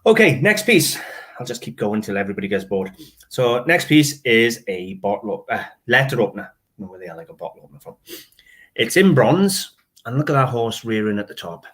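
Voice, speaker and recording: A man's voice: medium pitch, very animated, a little fast, a bit bright. A man hosting a casual video, chatting through his antique finds and laughing often. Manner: chatty, laughs often, admits trouble reading dialect. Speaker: antiques dealer and channel host. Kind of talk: casual show-and-tell.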